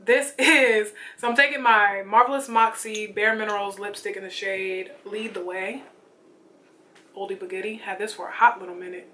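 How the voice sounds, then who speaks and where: A young woman chatting casually and excitedly about her makeup while she gets ready at home, full of slangy asides. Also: medium pitch, normal speed. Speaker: beauty vlogger. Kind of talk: casual get-ready-with-me chat.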